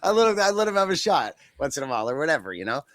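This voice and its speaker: A man's voice: on the high side, sing-song, a bit bright, no echo, clean studio sound. Rambling, jokey male podcast co-host. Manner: rambling, jokey, does quick silly voices. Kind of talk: casual wrestling chat.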